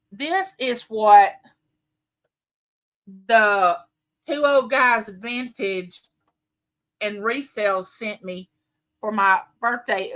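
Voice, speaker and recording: A woman, chatting and telling stories to viewers on a live stream from home. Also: on the high side. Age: late 50s. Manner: chatty, warm, rambling storytelling with viewers. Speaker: livestream host. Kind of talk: casual live-stream chat.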